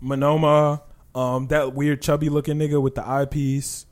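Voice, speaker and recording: A man in a casual anime discussion chat, animated and profane, retelling scenes. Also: normal speed. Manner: animated storytelling, profane, acts out quotes in a higher voice.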